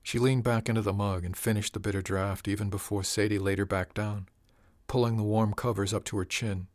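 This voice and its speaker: A man narrating an audiobook in a steady, even storytelling manner. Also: fairly low pitch, fairly quick, no room sound, clean studio sound.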